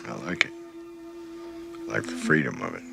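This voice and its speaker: An actor playing a weary, cynical male border patrol agent in film dialogue, talking in a low, unhurried way. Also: sing-song, gravelly, over music, heavily acted. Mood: wry.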